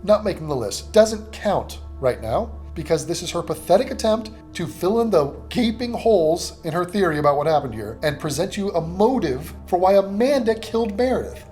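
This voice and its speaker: A man making heated reaction commentary, sarcastic and profane, with rapid-fire rhetorical questions. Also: sits high, sing-song, darkish tone, faint music behind. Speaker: commentary YouTuber.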